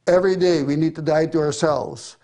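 A man's voice: a little high, fairly even intonation, brisk, warm tone. A middle-aged man preaching a sermon, reading scripture with earnest emphasis.

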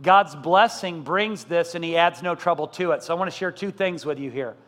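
A middle-aged man preaching a sermon as pastor, asking the congregation questions and building to loud, emphatic repetition. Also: high-pitched, a little fast, few pauses. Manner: asks the congregation rhetorical questions. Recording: long church-hall reverb.

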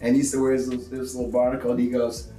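A man, a comedian, telling stories in a relaxed interview and acting out the people he quotes. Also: mid-range voice, quick pace, soft background music. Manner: animated storyteller who acts out quoted people. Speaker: comedian guest. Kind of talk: conversational interview storytelling. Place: small theatre. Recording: roomy sound from a distance.

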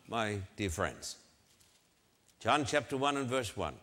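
An older man preaching a sermon, slow and emphatic, repeating key phrases for weight. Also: medium pitch, big pitch swings, fairly bright tone. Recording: long reverb of a large hall.

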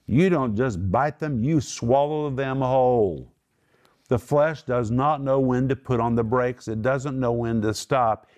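A man's voice: medium pitch, darkish tone. Male Bible teacher, emphatic, voice jumps up for quotes, stretches key words. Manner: emphatic, raises voice sharply for quotes; draws out key words slowly.

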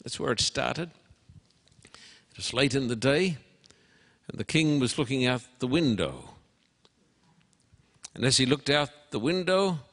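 Slow preaching man in a reverberant hall. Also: mid-range voice, fairly bright tone. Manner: deliberate, dramatic preaching with pauses. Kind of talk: sermon.

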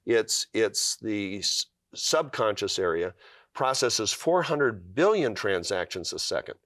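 A man's voice: lowish voice, lively intonation, takes it slowly, a bit bright, no room sound, clean studio sound. A middle-aged man, a guest author, telling a personal story in an earnest way on a talk show, with fillers and restarts.

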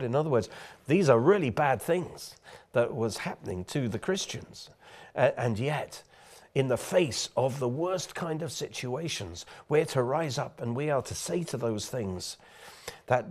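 A man's voice: expressive, moderate pace, darkish tone. A man preaching a sermon, declaring bold answers to doubt with strong rises in emphasis. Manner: emphatic, declaring bold replies with rising pitch.

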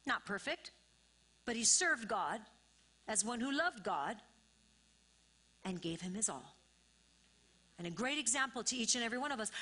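A woman's voice: a little high, big pitch swings, normal speed, long pauses, sharp tone, slightly rough. A woman pastor preaching a sermon, repeating phrases and building to emphatic, rising bursts.

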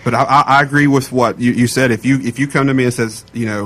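A man's voice: medium pitch, steady tone, fast talker, fairly bright tone, poor audio. A man joking easily while chatting on a talk show. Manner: joking, easygoing. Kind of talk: casual chat.

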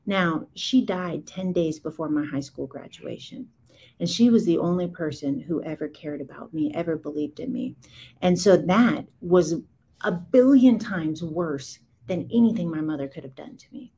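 A woman's voice: deep voice, normal speed, mellow, slight background noise, rough recording. A woman in her forties giving a candid, impassioned account in conversation, speaking emphatically in rising bursts. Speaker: guest.

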